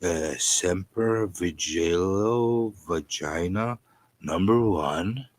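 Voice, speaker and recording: A man voicing a hushed, mocking comic-book unboxer in a slow, drawn-out whispered role-play. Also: low voice, voice pushed down, full character voice. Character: male YouTuber mocked in hushed comic unboxing.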